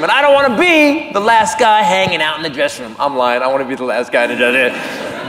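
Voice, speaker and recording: A male stand-up comedian telling a story live on stage, animated and self-mocking, breaking into sudden shouts. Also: fairly high pitch, a little fast, background noise. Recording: reverberant live hall recording.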